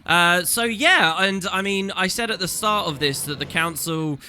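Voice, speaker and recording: A man's voice: sits high, expressive, moderate pace, pushed and bright, a little hiss or hum. A man hosting a let's play, commenting casually on a game with an amused, chatty manner. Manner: chatty, amused, reading dialogue aloud.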